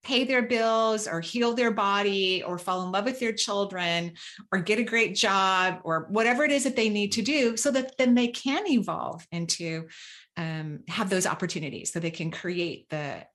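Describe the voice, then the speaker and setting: A woman's voice: medium pitch, moderate pace, a bit bright. A woman hosting a casual interview over a remote call, effusive and laughing often. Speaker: podcast host.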